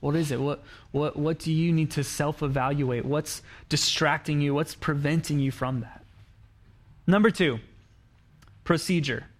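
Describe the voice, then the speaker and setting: A man preaching in a church in a chatty, storytelling way. His voice sits a little on the high side, and he slips into quoted lines to act out the people in his story. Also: a little slow. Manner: conversational preaching, acts out quoted lines, frequent restarts. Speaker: pastor. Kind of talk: sermon.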